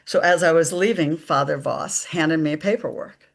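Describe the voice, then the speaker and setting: A woman, a psychic medium guest, telling stories slowly and emphatically in a live conversation, acting out the dialogue. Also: sits low, creaky. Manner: slow, emphatic storytelling with quoted dialogue.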